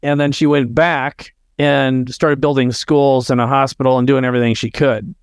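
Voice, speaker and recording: A man's voice: medium pitch, level tone, normal speed, clean tone, dry recording. Earnest man telling a story, dry sound. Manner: earnest, heartfelt, tells stories with quoted dialogue. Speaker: podcast guest entrepreneur. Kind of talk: conversational storytelling.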